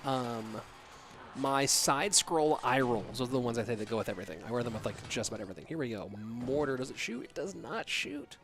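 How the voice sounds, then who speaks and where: A man's voice: mid-range voice, lively intonation, brisk, fairly bright tone. A man streaming from home, commentating an esports match live and stopping to answer chat questions in a loose, rambling way.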